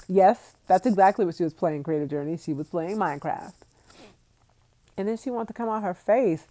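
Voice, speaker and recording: A woman's voice: medium pitch, animated, fairly quick, warm tone. A woman in her thirties from the United States, chatting casually on a phone livestream, laughing often and answering viewer comments. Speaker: vlogger reading live chat.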